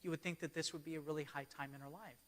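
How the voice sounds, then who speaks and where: A man's voice: on the high side, fairly even intonation, rapid-fire, a little hiss or hum. A man giving a church keynote as a storytelling sermon, often checking in with his audience. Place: church hall. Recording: long hall reverb.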